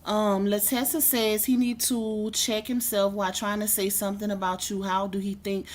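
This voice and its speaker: A woman hosting a casual livestream from her kitchen, talking to her viewers in a sassy, animated way. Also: medium pitch, moderate pace, a little hiss or hum. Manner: sassy, animated, calls viewers "baby" and "y'all". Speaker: livestream host. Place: home kitchen.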